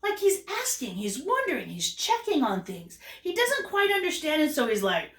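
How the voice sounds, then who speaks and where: Lively, high-voiced kindergarten teacher. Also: female voice, moderate pace. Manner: animated, exaggerated sing-song teacher delivery. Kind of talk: lesson for young children. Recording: roomy echo, voice from a distance.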